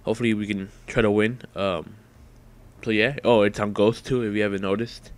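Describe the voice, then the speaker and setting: A man's voice: on the low side, fairly even intonation, brisk. A man hosting his gaming channel, just woken up and rambling through casual commentary full of fillers while he plays. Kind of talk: live gameplay commentary.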